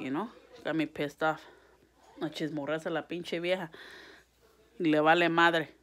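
A woman's voice: lowish voice, fairly quick, a bit bright. A woman venting to camera in a casual vlog, swearing and switching between English and mid-sentence, exasperated and heated. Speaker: vlogger.

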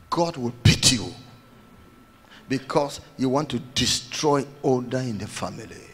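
A man's voice: mid-range voice, expressive, unhurried, fairly bright tone, slightly rough, in a large hall. A man preaching a sermon as pastor, emphatic, repeating his phrases and acting out quotes.

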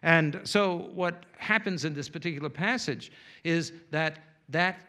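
Folksy preacher telling a tale. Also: male voice, a little high, measured pace, sharp tone. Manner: folksy, humorous storytelling with playful asides. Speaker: pastor. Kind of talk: storytelling sermon.

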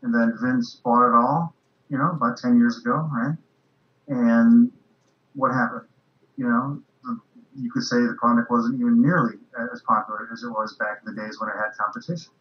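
Middle-aged podcast host, chatty and wry, sounds roomy and kinda muffled. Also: male voice, medium pitch, normal speed. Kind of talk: casual political chat.

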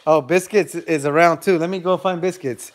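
A man's voice: on the high side, steady tone, normal speed. A man chatting casually on a live stream from his phone, calling to his dogs and laughing with viewers.

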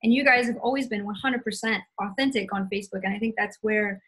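Husky, upbeat woman co-host. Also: medium pitch, quick pace, fairly bright tone, rough recording. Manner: upbeat, recaps points with fillers. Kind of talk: casual live-stream teaching.

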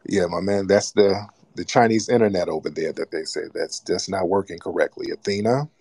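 Low-voiced man mocking a caller. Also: brisk, gravelly, a little mellow, slightly rough. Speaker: host of live call-in broadcast. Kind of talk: casual call-in radio talk.

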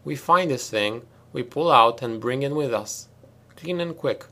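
Audiobook: man voicing a tough, sardonic female lieutenant, clipped, loud, commanding. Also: mid-range voice, measured pace. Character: stern hard-edged female marine lieutenant. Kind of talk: audiobook character reading.

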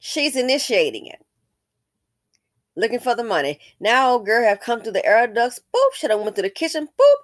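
A woman's voice: a little high, animated, moderate pace, dry recording, clean studio sound. A woman host giving casual commentary on a commercial, emphatic and repeating her points with rhetorical questions.

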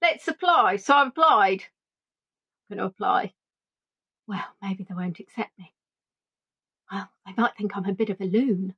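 A woman tour guide chatting through a playful, animated reminiscing monologue. She jumps between voices to act out what people said. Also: mid-range voice, moderate pace, pauses often, breathy edge, muffled recording. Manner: animated, playful, acts out quotes in funny voices.

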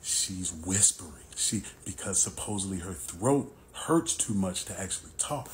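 A man narrating a personal story in storytime style, animated and acting out the dialogue. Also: low voice, measured pace, slight background noise.

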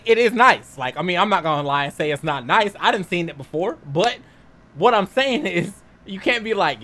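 A man co-hosting a casual gaming podcast, teasing his friends in an animated, profane way. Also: sits high, a little fast, slight background noise. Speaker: podcast co-host, commentator. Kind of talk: casual chat.

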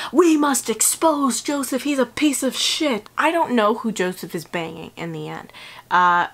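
A young woman vlogging a casual, sarcastic book review, swearing freely and acting out the characters in quick quoted voices. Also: fairly low pitch, fairly bright tone.

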